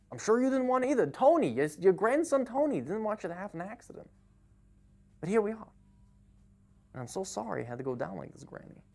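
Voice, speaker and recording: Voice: medium pitch, a little mellow, pitched above the performer's own voice. A game streamer voicing a vengeful orange tabby cat who gives mock-solemn, menacing speeches. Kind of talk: game streaming role-play.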